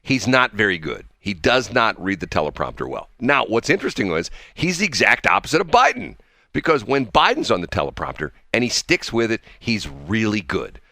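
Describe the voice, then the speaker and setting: A man co-hosting a morning radio show tells rambling stories in casual banter. His voice sits low but sounds bright, and it swings widely in pitch. The studio sound is dry and close. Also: a little fast, gravelly, no echo. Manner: rambling, animated storyteller.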